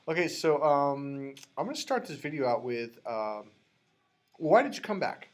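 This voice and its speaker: A man's voice: medium pitch, sing-song, normal speed. A man hosting a casual on-camera interview, chatty and laid-back, asking short questions. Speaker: host.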